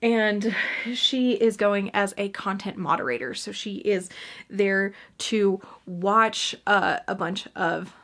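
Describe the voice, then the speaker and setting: A woman's voice: medium pitch, takes it slowly, fairly bright tone. A woman giving a casual book review full of cranky, profane rants and emphatic repetition. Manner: gestures a lot while talking.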